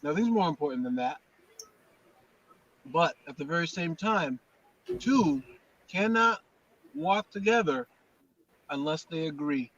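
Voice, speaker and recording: A man's voice: a little high, lively intonation, measured pace, pauses often, fairly bright tone, highs cut off. A man leading casual spiritual talk, restarting and repeating words with preacherly emphasis. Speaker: host.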